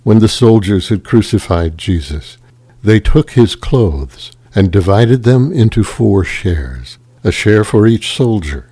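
A man reading scripture aloud in a slow, measured and solemn liturgical manner. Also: on the low side, animated, dark tone, breathy edge. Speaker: scripture reader.

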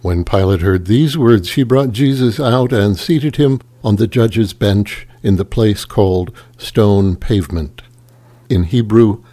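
A man reading scripture aloud in a slow, measured and solemn liturgical manner. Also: lowish voice, dark tone. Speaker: scripture reader.

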